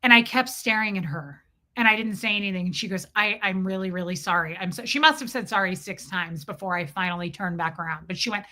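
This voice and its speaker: A woman hosts a casual livestream and tells a comic story in an animated, profane way. Her voice is bright and has a clear edge to it. She keeps her pitch in a middle range for a woman. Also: quick pace. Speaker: livestream host.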